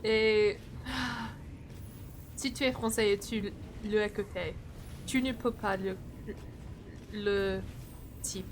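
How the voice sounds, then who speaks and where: A woman's voice: medium pitch, steady tone, takes it slowly, pauses often, slight background noise. A young adult woman streaming a video game, chatting casually with her viewers, laughing often and joking about herself. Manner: laughs often, self-deprecating, reads chat aloud. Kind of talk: casual live-stream chat while gaming.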